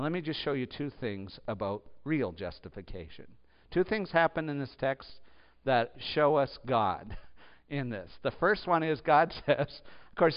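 A man preaching a sermon as pastor, swinging between loud emphatic bursts and hushed low asides. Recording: dull echoey hall.

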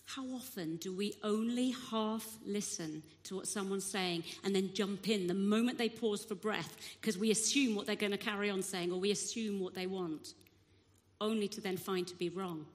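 A woman's voice: medium pitch, normal speed. Woman preaching in a reverberant hall. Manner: expressive storytelling, acting out the crowd's shouts. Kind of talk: sermon.

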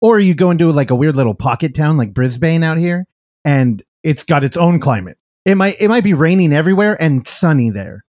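A man's voice: fairly high pitch, animated, a little fast, darkish tone, no room sound, studio quality. Easygoing male podcast co-host. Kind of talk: casual chat.

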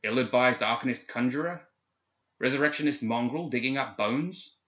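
A man's voice: medium pitch, normal speed, a bit bright, voice pushed up, natural voice. A man voicing a thin machinist officer who speaks formally, severely and commandingly, with an English accent. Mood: formal, firm. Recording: echoey, slightly dull recording.

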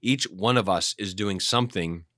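A man, a pastor, explaining Bible passages in an animated teaching discussion, often restarting his sentences. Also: sits low, moderate pace, dry recording, clean studio sound.

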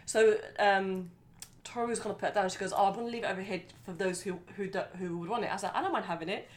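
A woman co-hosting a podcast, chatting casually and rambling as she recounts events. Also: medium pitch. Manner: fast, rambling, breaks off and restarts. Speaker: podcast co-host. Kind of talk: casual chat.

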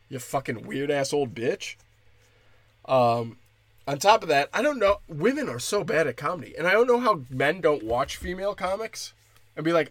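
A man's voice: high voice, fairly bright tone, no echo. A young man doing a crude, profane stand-up comedy rant.

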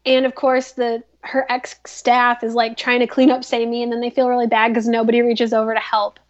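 A woman's voice: a little high, completely flat delivery, brisk, dull audio. A woman hosting a podcast, recapping a drama in a chatty, filler-heavy way. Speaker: podcast host. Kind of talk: casual drama recap chat.

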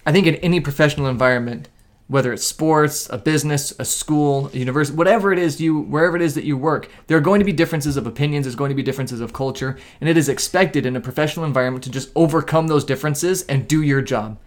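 A man in his thirties co-hosting a casual talk show, explaining things in an earnest, steady way. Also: on the high side, fast talker. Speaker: co-host. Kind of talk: casual podcast chat.

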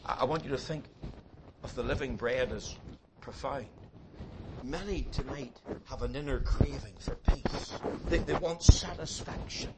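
A man preaching an evangelistic sermon, emphatic and repeating words as he builds, swinging between loud and soft passages. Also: mid-range voice, a little slow. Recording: loud background noise.

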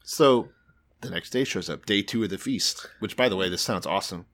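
A man's voice: deep voice, fairly quick, fairly bright tone. A man casually retelling a Bible story with profane, sarcastic humor as a podcast co-host.

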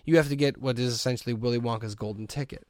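A man hosting a podcast, telling a long story in a casual, animated way and often breaking into laughter. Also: mid-range voice, rapid-fire, no echo, clean studio sound. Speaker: podcast host.

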